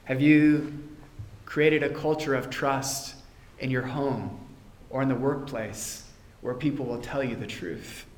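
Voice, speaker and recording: A man preaching a sermon with earnest emphasis, often dropping to a quiet, intense tone on key points. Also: medium pitch, fairly even intonation, slow pace. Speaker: pastor. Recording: roomy church echo.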